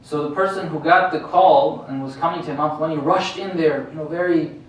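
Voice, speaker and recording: A man preaching in a strongly echoing prayer hall, his voice fairly high for a man and a little distant from the microphone, with faint noise underneath. He talks to the congregation in a conversational way and keeps checking in with them through rhetorical questions. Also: a little fast. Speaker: sheikh giving a religious lecture. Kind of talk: sermon.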